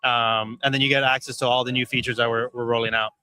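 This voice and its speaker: A man's voice: mid-range voice, little pitch movement, quick pace, pushed and bright, clean tone. A man, a startup founder, answering interview questions casually with frequent "yeah" and "like".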